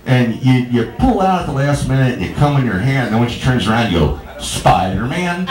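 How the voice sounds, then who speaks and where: A man's voice: mid-range voice, expressive, fast, very noisy. A man doing a stand-up comedy set in a small bar, telling rambling, stammering stories and bantering with the crowd. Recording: echoey bar room.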